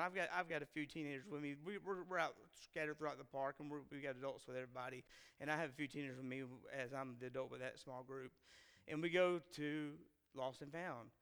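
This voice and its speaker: A man's voice: on the high side, sharp tone, smooth. A man, telling a self-deprecating personal story to a live audience and acting out the quotes. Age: 40s. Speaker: speaker addressing a live audience. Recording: long hall reverb.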